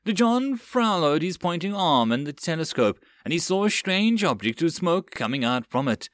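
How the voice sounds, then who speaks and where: Lively male audiobook narrator. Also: fairly high pitch, moderate pace, no echo, studio quality. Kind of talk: audiobook narration of a web novel.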